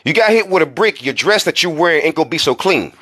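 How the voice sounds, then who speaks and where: A man's voice: fairly high pitch, lively intonation, quick pace, bright, forceful tone. A man hosting a commentary vlog, talking heatedly with many rhetorical questions and repeating words for emphasis. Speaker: commentary channel host.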